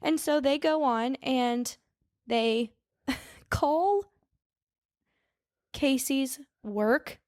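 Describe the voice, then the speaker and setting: A woman's voice: high-pitched, drawn-out words, long pauses, darkish tone, dry recording, studio quality. A woman co-hosting a podcast, telling a true-crime story in a chatty, casual way and often stopping to correct herself when she mixes up names. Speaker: podcast co-host.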